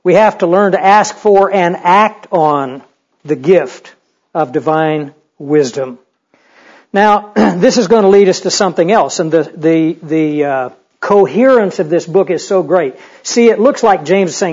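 High-voiced man preaching conversationally. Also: a little slow, darkish tone. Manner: conversational, humorous, rhetorical questions. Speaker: pastor. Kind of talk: sermon. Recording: dull lo-fi recording.

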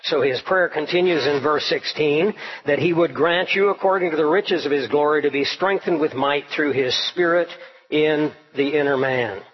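A man with a husky, slightly rough voice teaches through scripture in a measured, steady sermon. He clears his throat now and then as he goes, and the recording sounds dull and lo-fi. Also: a little high. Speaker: preacher. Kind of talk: expository Bible teaching.

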